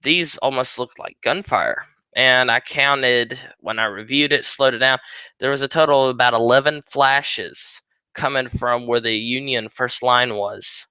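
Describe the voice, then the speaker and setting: A man's voice: mid-range voice, unhurried, bright, forceful tone, clear, resonant tone, dry recording, rough recording. A young man hosting his own paranormal talk show, speaking in a rambling, conversational way with ums and asides. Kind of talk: casual solo talk.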